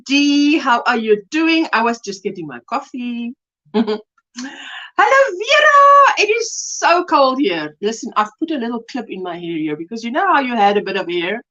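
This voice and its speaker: A South African woman chats on a casual crochet livestream, laughing frequently and greeting viewers by name. She speaks at a moderate pace with lively intonation in a fairly high, fairly bright voice. The webcam audio is lo-fi.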